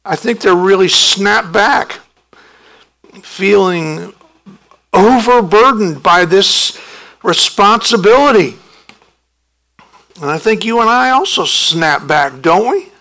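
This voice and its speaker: A man preaching a sermon as pastor, emphatic and animated, his voice jumping up when he acts out the disciples' protests. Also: high voice, takes it slowly, pauses often, rough recording.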